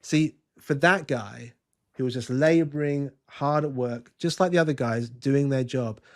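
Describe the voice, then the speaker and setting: A man's voice: medium pitch, measured pace. A man, a podcast guest talking earnestly and telling an anecdote, with frequent restarts. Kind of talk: conversational interview, storytelling.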